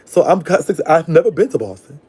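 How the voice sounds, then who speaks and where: A man's voice: fairly high pitch, sing-song, brisk, a little mellow, husky. A man hosting a live call-in show, rambling and blunt, affectionate with callers. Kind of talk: casual live call-in chat.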